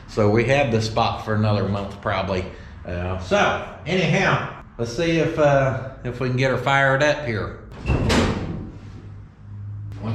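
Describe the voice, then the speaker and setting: A man's voice: medium pitch, slight background noise. A man, chatting casually and jokingly in a vlog while working on an old car at a shop. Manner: joking, folksy, talks to his car. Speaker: car restoration vlogger.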